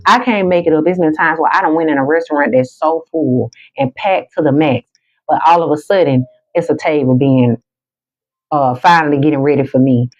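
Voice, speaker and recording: A woman reading spiritual cards on a livestream, talking to her chat in an emphatic, repetitive way that slows for calming affirmations. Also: sits low. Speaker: spiritual card reader on a livestream. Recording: dull lo-fi sound.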